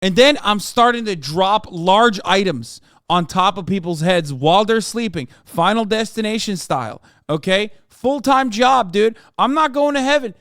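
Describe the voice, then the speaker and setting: A man streaming, reacting to a video in a profane, animated riff. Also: sits high, measured pace, few pauses, dry recording, studio quality.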